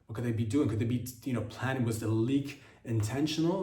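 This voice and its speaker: A man's voice: medium pitch, brisk, few pauses, dark tone. A man hosting a comedy podcast, delivering a rambling, profane monologue and tripping over his words. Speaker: podcast host. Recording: roomy echo.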